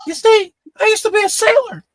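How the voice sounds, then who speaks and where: A man telling a joke and voicing a shipwrecked former sailor with a tiny head and a very high-pitched, squeaky voice. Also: brisk, a crowd in the background, poor audio. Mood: eager. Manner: eager storytelling, pleading.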